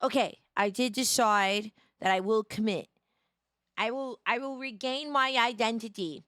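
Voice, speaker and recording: A young woman streamer in casual chat, her voice tired and in need of rest, chatty and greeting viewers by name with sudden bursts of excitement. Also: on the high side, unhurried, dry recording, clean studio sound.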